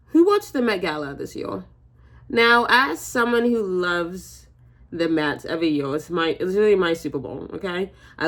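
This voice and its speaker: A woman's voice: deep voice, a bit bright. Chatty woman doing a makeup vlog. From United States. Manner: chatty, jokey, rambling with fillers and swearing. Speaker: beauty vlogger. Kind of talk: casual makeup tutorial chat.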